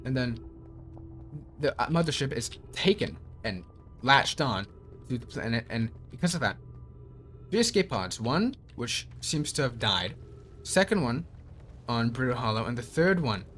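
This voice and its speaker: A young man playing a game blind, thinking aloud and reading its lore text in a measured voice. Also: mid-range voice, very animated, fairly bright tone, faint music behind. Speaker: let's play streamer.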